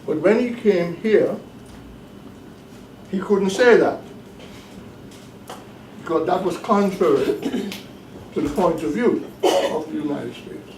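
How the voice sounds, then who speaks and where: A male professor lecturing with deliberate emphasis, circling back to repeat his key points. His fairly high voice is picked up from across the room, so it sounds roomy and echoey. A faint hum of background noise sits under him. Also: expressive, a little mellow. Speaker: professor leading a course. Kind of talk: classroom lecture. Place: bookstore cafe classroom. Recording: echoey room, mic at a distance.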